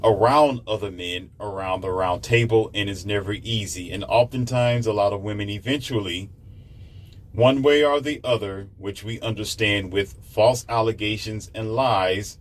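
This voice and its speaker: A man's voice: on the low side, moderate pace. A man delivering a preachy opinion monologue to his listeners. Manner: lecturing, preachy, addresses listeners. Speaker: commentator.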